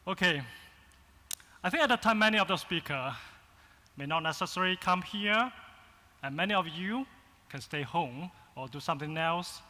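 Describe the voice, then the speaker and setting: Bright-voiced Chinese-accented keynote speaker. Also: male voice, high-pitched, lively intonation. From China. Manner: halting short phrases with fillers. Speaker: agency founder, keynote speaker. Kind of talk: conference keynote speech. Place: large conference hall. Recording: long reverb in a conference hall.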